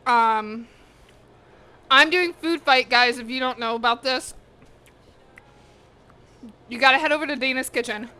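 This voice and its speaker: This woman, hosting a cooking live stream from her home kitchen, chats casually and frankly with viewers as she eats, swears freely, and sometimes talks with her mouth full. She speaks unhurriedly with long pauses, in a high, sharp, clean-toned voice.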